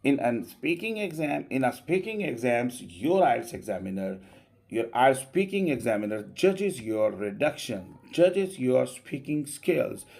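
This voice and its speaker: Slow, gravelly-voiced male pronunciation teacher. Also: medium pitch, a little mellow. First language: Urdu. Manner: slow, drawn-out modeling of sounds, coaxing students with "come on, please". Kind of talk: classroom pronunciation lesson.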